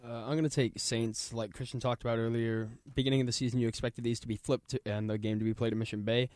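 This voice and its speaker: A man's voice: medium pitch, level tone, fast talker, darkish tone, no room sound, studio quality. A man giving his pick on a sports radio panel, matter-of-fact.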